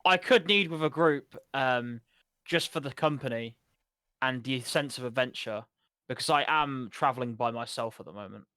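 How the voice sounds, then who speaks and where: A man's voice: medium pitch, normal speed, pushed and bright, no echo, studio quality. A man playing a tabletop game, talking casually and eagerly in character as his dwarf. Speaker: player.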